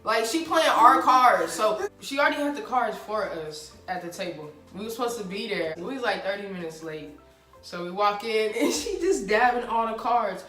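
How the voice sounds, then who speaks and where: A young woman tells a wild story in a casual, slangy way, swearing and breaking into laughter as she goes. Her voice is picked up from a distance in an echoey room, with soft music underneath. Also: mid-range voice, moderate pace. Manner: animated, laughing, slangy and profane. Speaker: vlogger telling a story. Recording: roomy sound from a distant mic with faint music.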